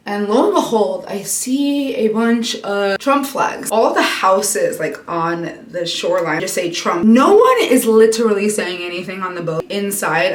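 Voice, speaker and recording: A young woman telling a personal story in a casual get-ready-with-me vlog, chatty and swearing freely. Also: mid-range voice. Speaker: vlogger. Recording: echoey room.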